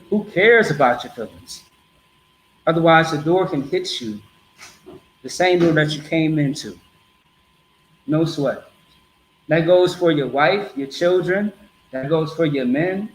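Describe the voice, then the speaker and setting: A man's voice: on the high side, a little slow, long pauses, echoey room, slight background noise, low-quality recording. A man preaching bluntly to a group in a streetwise, repetitive way.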